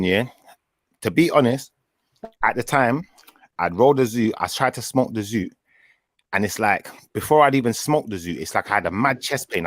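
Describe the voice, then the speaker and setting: A man chatting casually, telling a long personal story with lively acted-out quotes. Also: fairly low pitch, no echo, clean studio sound. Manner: animated storyteller, acts out his own quoted words. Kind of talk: casual chat.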